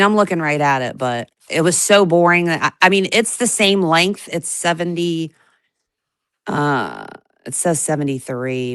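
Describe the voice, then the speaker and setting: A woman co-hosting a casual live chat, wry and teasing, talking in quick bursts. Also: low voice, a bit bright, smooth, no echo, clean studio sound. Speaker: co-host.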